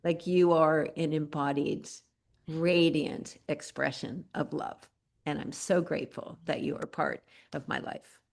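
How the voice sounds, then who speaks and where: A woman hosts an online community gathering over a video call. Her voice sits on the low side. She talks in an earnest, rambling way, full of filler words. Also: fairly even intonation, unhurried, gravelly. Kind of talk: warm spoken tribute on a group video call.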